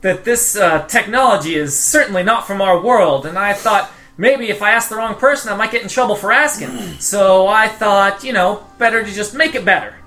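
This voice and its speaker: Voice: medium pitch, moderate pace, hardly any pauses, sharp tone, pitched above the performer's own voice. A player voicing a young female tinkerer who is nervous and evasive, talking in a raised, eager voice full of hedging fillers.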